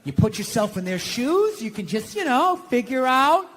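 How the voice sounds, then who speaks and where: A man doing profane, exasperated stand-up comedy, ranting and acting out shouted confrontations. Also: extremely high pitch, very animated, moderate pace, slight background noise. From United States.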